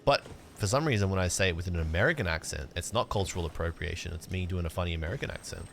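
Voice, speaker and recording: A young man casually chatting to his livestream chat while he plays a game, joking around and breaking into sudden excited outbursts. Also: sits low, rapid-fire, gravelly, a little hiss or hum. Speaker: streamer.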